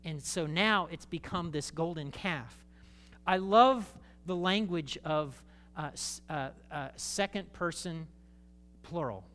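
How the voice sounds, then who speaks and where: A man preaching a sermon as a pastor, talking conversationally to the congregation with jokey asides and animated emphasis. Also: a little high, slow pace.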